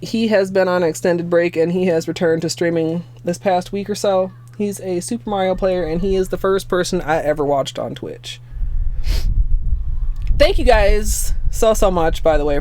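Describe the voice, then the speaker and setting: A young adult woman streamer chatting casually at home, excitable and given to swearing, teary-eyed and sniffling. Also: fairly low pitch, normal speed, a little hiss or hum. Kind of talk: casual livestream chat.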